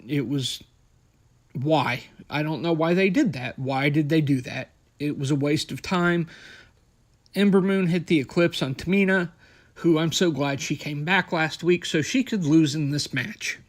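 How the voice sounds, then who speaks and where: A young man hosting a podcast, recapping wrestling in a blunt, sarcastic, profane way. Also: a little high. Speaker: podcast host.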